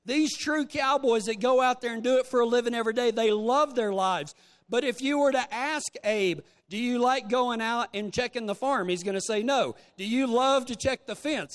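A man preaching a sermon to a congregation, telling folksy stories in an animated way. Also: very high-pitched. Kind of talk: sermon with storytelling. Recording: long reverb of a large hall.

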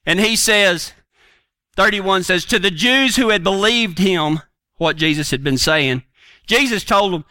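A man's voice: sits high, animated, a little slow, pushed and bright, no echo. A middle-aged man and horseman preaching through a folksy, earnest story in a rambling way.

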